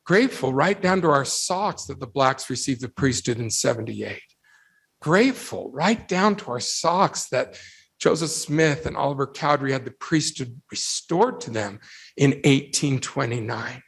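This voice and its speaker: This youth speaker's voice is mid-range, gravelly and husky, and he speaks a little slowly. Delivering a story-driven devotional to young listeners, he animatedly acts out the quoted voices and presses his message through repeated emphasis and rhetorical questions.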